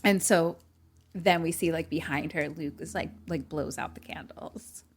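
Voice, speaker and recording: A woman's voice: low voice, unhurried, breathy edge. Chatty woman recapping a movie. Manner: chatty, filler-heavy retelling with acted-out quotes. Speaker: podcast co-host. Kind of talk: casual chat recapping a movie.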